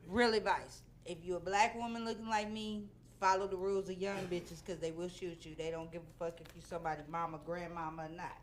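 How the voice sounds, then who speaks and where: A woman's voice: on the low side, slight background noise. A middle-aged woman hosting a comedy talk show, blunt and profane. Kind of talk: casual comedic chat. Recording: roomy echo.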